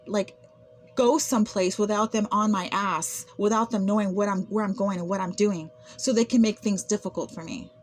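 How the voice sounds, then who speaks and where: A woman talking to camera in an unscripted vlog monologue, aggrieved and often repeating words and restarting. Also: mid-range voice. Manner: aggrieved, with frequent word repetitions and restarts. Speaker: vlogger recounting personal experiences.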